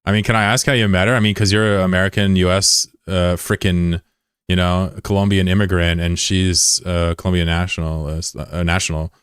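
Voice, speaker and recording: This game streamer talks loosely with viewers as he plays, wandering with curiosity and dropping plenty of fillers and curses. His voice sits low with a level, slightly bright, clean tone and a slightly fast delivery, captured in studio quality with no echo.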